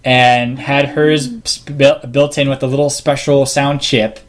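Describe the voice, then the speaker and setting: A man's voice: medium pitch, level tone, measured pace. A man hosting a podcast in casual group chat, rambling with fillers as he reads out news items. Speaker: podcast host.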